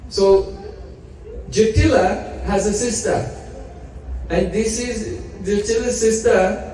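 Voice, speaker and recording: A man preaching by retelling a sacred story, pausing to quiz his listeners. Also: sits high, slight background noise. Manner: animated storyteller, quizzes audience. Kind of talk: storytelling sermon. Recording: echoey hall, mic at a distance.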